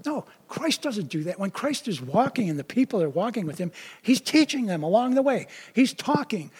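A man's voice: high-pitched, big pitch swings, normal speed, darkish tone, slightly rough. A man preaching a sermon in a conversational way, often stopping to explain the verses he reads. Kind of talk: casual sermon.

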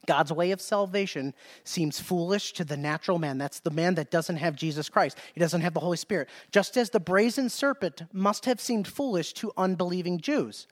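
Man, preacher, high voice, emphatic, repeats himself, reads scripture. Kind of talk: sermon.

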